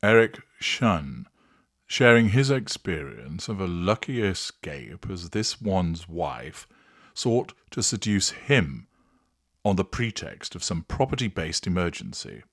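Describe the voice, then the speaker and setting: Slow, deep, sardonic male narrator. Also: sing-song, fairly bright tone, dry recording, clean studio sound. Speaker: host. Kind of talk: scripted satirical narration.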